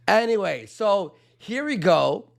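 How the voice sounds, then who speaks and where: A man's voice: high-pitched, big pitch swings, takes it slowly, vocal fry. A man streaming commentary who reads messages aloud in a sarcastic, incredulous way. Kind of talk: casual commentary reading messages.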